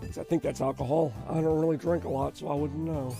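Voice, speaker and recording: A hoarse man with a sore throat, hosting a retro gaming stream in rambling, chatty commentary. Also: fairly high pitch, fairly even intonation, fairly quick, warm tone. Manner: rambling, chatty, self-deprecating. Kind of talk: casual live-stream commentary. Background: faint game music.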